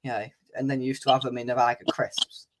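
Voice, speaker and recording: A man's voice: mid-range voice, little pitch movement, fast, background noise. A man hosting a casual fan live stream, chatting, reading out viewer comments and laughing easily. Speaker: fan channel host.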